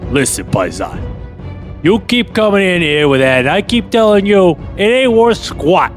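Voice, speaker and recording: A man voicing a gruff, dismissive male shop clerk with an Italian American accent in a comedic script reading. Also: high voice, big pitch swings, moderate pace, faint music behind.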